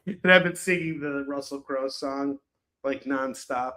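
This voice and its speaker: A man's voice: medium pitch, a little slow, pushed and bright. A man hosting a live shopping stream in a rambling, chatty, self-mocking way. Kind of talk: casual chat. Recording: roomy echo.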